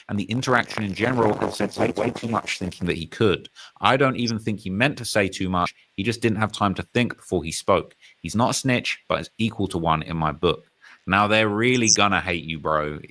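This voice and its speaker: A British man hosting a live stream, commenting casually and emphatically on rap news and reading out chat comments. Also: lowish voice. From United Kingdom. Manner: animated, emphatic, repeats phrases, reads comments aloud.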